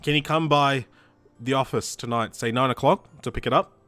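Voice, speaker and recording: Composed older-sister lawyer for a game, voiced by a man, gentle, measured. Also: medium pitch, no echo, faint music behind, natural voice. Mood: calm. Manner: gentle, measured, softly teasing.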